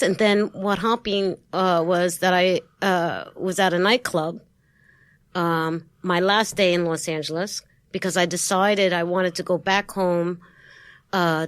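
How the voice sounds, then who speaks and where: A woman with a Brooklyn New York accent, a guest in a studio interview, telling stories in a lively way and acting out the voices of the people she quotes. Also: fairly low pitch, no room sound. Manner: lively storyteller who acts out quoted voices and laughs often. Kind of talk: casual interview storytelling.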